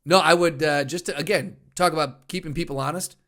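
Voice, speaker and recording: A man's voice: a little high, steady tone, a little fast, bright, forceful tone. A man co-hosting a casual podcast who rambles through his points and laughs often. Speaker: podcast co-host. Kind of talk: casual chat.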